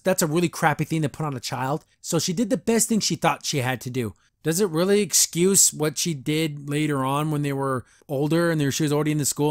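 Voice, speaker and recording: A man's voice: on the high side, no room sound. A man hosting a podcast, giving a casual, opinionated and easily amused review of a cartoon episode into a close microphone. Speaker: podcast host.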